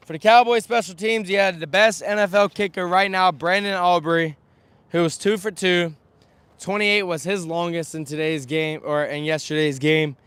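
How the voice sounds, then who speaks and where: A young man with a slightly high, smooth voice that still carries a faint scratchiness, rattling off game stats with lively energy. He is outdoors in the wind, speaking to a camera on a stand, and the sound is dry and close. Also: moderate pace, no room sound. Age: young adult. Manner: energetic, chatty, lists stats. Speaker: sports vlogger. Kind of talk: outdoor live postgame recap. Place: outdoors outside a stadium, windy.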